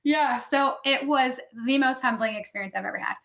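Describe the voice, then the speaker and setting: A woman's voice: high voice, brisk, fairly bright tone. A woman in her thirties, a podcast guest telling candid personal stories in casual chat, often saying "like". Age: 30s. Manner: candid storytelling, heavy use of "like". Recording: echoey room.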